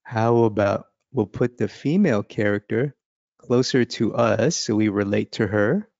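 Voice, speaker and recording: A man's voice: fairly low pitch, measured pace, vocal fry, darkish tone, no echo, lo-fi sound. A man teaching a casual drawing lesson. He talks and laughs as he thinks aloud while sketching. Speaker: art instructor.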